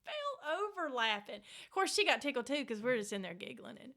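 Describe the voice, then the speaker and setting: A middle-aged woman with a Southern Mississippi accent, her voice bright and ringing, sitting a touch high for her. She tells family stories in a relaxed interview, lively, slipping into the voices of the people she quotes and laughing along the way. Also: a little fast. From Mississippi Delta. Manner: animated, acts out quoted voices, laughs often. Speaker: author, guest. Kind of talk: storytelling in casual interview.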